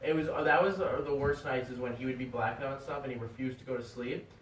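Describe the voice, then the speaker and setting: Co-hosting a casual podcast, a young man spins a fast, meandering tale and performs the quoted voices of its characters with animation. His voice is mid-range, and the recording has faint noise, room echo, and distance from the mic.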